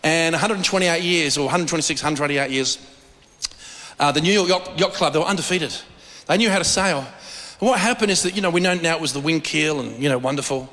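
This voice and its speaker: A middle-aged Australian man preaching from the pulpit, his fairly high voice climbing when he gets going. He often repeats words as he builds his point. A long reverb from a large church hall trails behind him. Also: fairly quick, bright, forceful tone. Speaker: pastor. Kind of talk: sermon.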